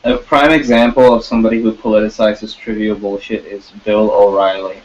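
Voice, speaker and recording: A man talking casually and rambling, with halting restarts and frequent swearing. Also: on the low side, flat delivery. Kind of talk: casual chat. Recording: dull lo-fi sound.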